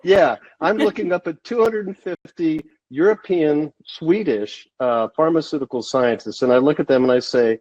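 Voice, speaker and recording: A man being interviewed on a podcast, telling a story at a steady, measured pace. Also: on the high side, dry recording. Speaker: guest, sales consultant. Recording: dull, dry lo-fi sound.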